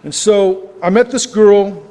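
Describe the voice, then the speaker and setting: High-voiced man, echoey hall. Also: takes it slowly, warm tone. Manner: folksy, rambling storyteller, laughing often at himself. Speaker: recovery meeting speaker. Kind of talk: personal recovery story talk. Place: club meeting hall. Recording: echoey hall with long reverb.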